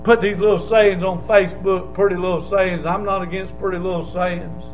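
A man preaching a Baptist sermon, hollering and swinging from low asides to loud shouts. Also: flat delivery, moderate pace, slight background noise, low-quality recording. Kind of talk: fiery sermon. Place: church.

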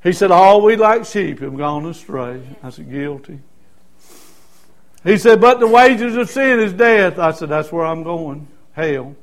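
Preaching a sermon as a personal testimony, a man speaks in a folksy way with a high voice and lively intonation, a little slowly. He moves from soft, quiet stretches up to loud, shouted peaks.

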